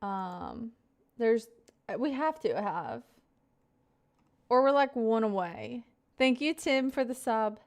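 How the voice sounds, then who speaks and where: A woman's voice: a little high, lively intonation, slow pace, long pauses. A young woman in her twenties chatting casually on a live stream, greeting viewers by name and rambling through stories.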